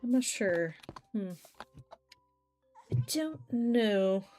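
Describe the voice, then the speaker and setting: A woman's voice: medium pitch, expressive, very slow, darkish tone, faint music behind. A young woman chatting casually while she plays a game on a live stream, telling stories animatedly and swearing now and then.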